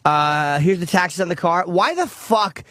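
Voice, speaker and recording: A man's voice: high voice, measured pace, a bit bright, no room sound, studio quality. A male radio co-host joking irreverently in casual banter.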